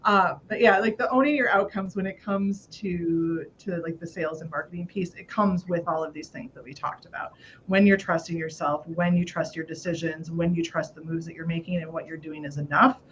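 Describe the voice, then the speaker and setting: A woman's voice: fairly low pitch, steady tone, fairly quick, fairly bright tone, lo-fi sound, a little hiss or hum. Chatty laughing woman podcast host. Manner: laughs often, chatty and upbeat, swears casually. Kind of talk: casual podcast chat.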